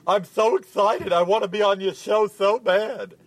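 A man's voice: high-pitched, fairly even intonation, normal speed. A man voicing an overeager male caller who gushes and pleads to be put on a show. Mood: pleading. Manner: gushing, pleading. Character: overeager, whiny male caller begging for a spot.

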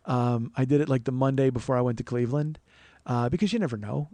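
A man talking very fast and loose, his stories rambling and full of swearing and self-mockery. The sound is close and dry with no room around it. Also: medium pitch, warm tone, no room sound. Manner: rambling, profane, self-mocking. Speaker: podcast host. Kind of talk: casual comedic storytelling.

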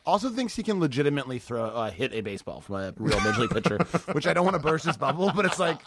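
A comedian guest on a podcast, telling stories in lively casual chat and swearing freely. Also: male voice, mid-range voice, fast talker, a little hiss or hum. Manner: animated storytelling, swears freely.

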